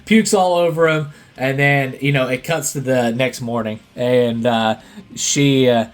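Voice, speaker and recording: A man's voice: medium pitch, fairly even intonation, measured pace. A man hosting a casual movie podcast, retelling scenes in a rambling way full of fillers and laughs. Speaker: podcast host.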